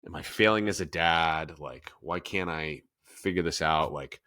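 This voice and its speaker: A man's voice: extremely low pitch, measured pace, bright, forceful tone. A man in his thirties hosting a casual podcast, talking in a candid, self-reflective way with many fillers and restarts. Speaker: podcast host, fitness coach. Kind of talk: candid conversational podcast talk.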